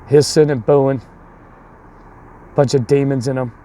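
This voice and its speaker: A man's voice: medium pitch, fairly even intonation, measured pace, dark tone. A man coaching youth baseball tells a long story in a rambling way, restarting often and acting out the other people, then turns it into a sermon. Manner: repeats and restarts a lot, voices the other people in his story.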